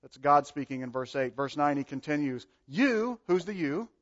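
A man preaching a sermon, animated, acting out the voices he quotes and swinging between loud and soft. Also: mid-range voice, fairly quick. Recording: dull lo-fi sound.

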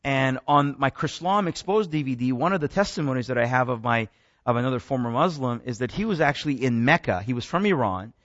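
A man's voice: mid-range voice, lively intonation, fairly quick, fairly bright tone, dry recording, lo-fi sound. A man giving a rambling talk to an audience, often restarting words and breaking off into asides. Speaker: speaker. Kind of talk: lecture.

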